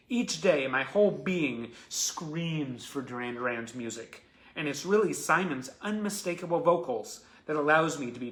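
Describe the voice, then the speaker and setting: Man reading fan letters aloud. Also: a little high. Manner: reads letters with rising excitement, chuckles between them. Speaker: host reading fan messages. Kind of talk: live-streamed reading and casual chat.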